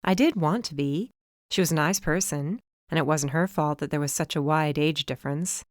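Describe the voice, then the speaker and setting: A woman's voice: low voice, normal speed, no room sound, studio quality. A young adult woman reading a first-person novel in a wry, conversational way. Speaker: audiobook narrator. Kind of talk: first-person scripted narration.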